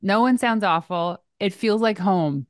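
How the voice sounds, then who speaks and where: A woman from Canada, a PR expert, talking as a guest on a podcast in an energetic, casual way. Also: medium pitch, unhurried, no room sound, studio quality. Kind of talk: casual interview chat.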